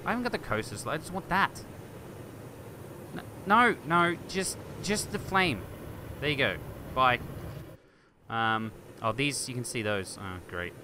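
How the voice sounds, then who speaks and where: Very bright, lively gaming commentator man. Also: medium pitch, unhurried, long pauses, slight background noise. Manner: thinks aloud, excitable, chatters to game objects. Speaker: gaming video host. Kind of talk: let's play commentary.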